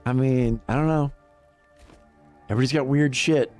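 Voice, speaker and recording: A man's voice: medium pitch, steady tone, moderate pace, a little mellow, soft background music. A middle-aged man chatting casually on a livestream, rambling and swearing, laughing often. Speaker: livestream gamer. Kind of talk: casual chat to stream chat.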